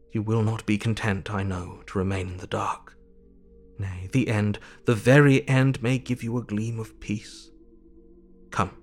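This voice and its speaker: A man's voice: lowish voice, natural voice. An actor playing a solemn Victorian doctor who narrates his diary and speaks tenderly to a grieving woman, in an audio drama. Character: grave, gentle Victorian male doctor keeping a diary. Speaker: narrator and character.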